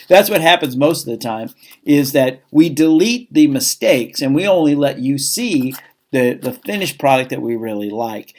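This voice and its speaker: A man's voice: mid-range voice, darkish tone. Chatty man giving a chapel talk. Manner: chatty, self-deprecating, reads scripture aloud. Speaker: school chaplain. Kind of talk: casual chapel talk to students.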